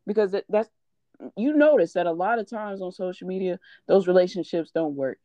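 A woman's voice: fairly low pitch, brisk, mellow, no echo, highs cut off. Laid-back woman, dry close sound. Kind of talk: casual chat.

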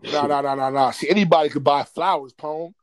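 A man telling a funny story from his school days in a loose, animated way, repeating himself and laughing. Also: on the high side, brisk, crowd noise. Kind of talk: casual storytelling.

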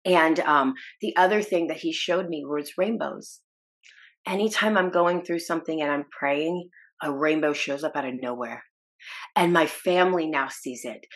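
A woman's voice: low-pitched, moderate pace. Earnest woman sharing her faith story. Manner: earnest and emotional, with restarts and laughs. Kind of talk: personal testimony in a podcast interview.

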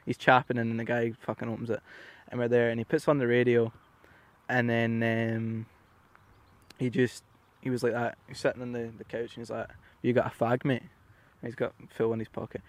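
A young man, a podcast guest telling stories in casual chat, sweary and animated, tagging lines with "right?". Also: mid-range voice, normal speed.

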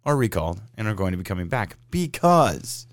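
A man's voice: fairly low pitch, sing-song, a little fast, dry recording. A man hosting a podcast in casual chat, sarcastic and swearing freely as he rants, stuffy with a sinus cold. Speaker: podcast host.

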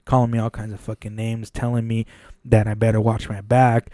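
Man, podcast co-host, casual storytelling, acts out voices, swears a lot, mellow tone, dry studio sound. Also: fairly low pitch, brisk, no echo. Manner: animated, acts out quoted dialogue, frequent swearing. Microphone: studio mic.

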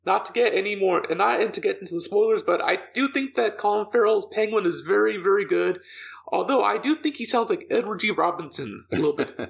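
A man co-hosting a podcast in casual chat, halting, with many fillers and repeats. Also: high-pitched, expressive, gravelly.

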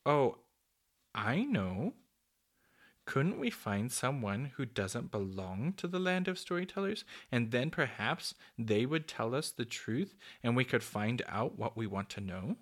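A man's voice: mid-range voice, big pitch swings, unhurried. A man voicing an earnest, curious young girl in a storybook reading.

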